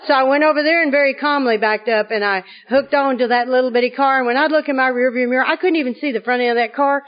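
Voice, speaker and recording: A woman from Arkansas, telling a funny personal story to an audience in a lively comic way. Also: sits high, fast, highs cut off. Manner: lively comic delivery, often laughing. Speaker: speaker at a recovery conference.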